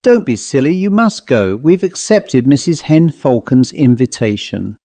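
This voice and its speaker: A man voicing a cool, dismissive mother speaking briskly. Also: mid-range voice, big pitch swings, warm tone, no room sound.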